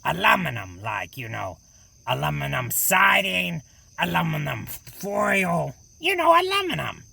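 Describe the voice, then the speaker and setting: A man's voice: on the high side, wildly swooping pitch, measured pace, creaky, sharp tone, husky, dry recording, recorded from a distance, exaggerated voice. A man playing a stubborn, evasive gravedigger who hosts a horror show, in an improvised comedy audio play. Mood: deadpan. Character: stubborn gruff male gravedigger horror host.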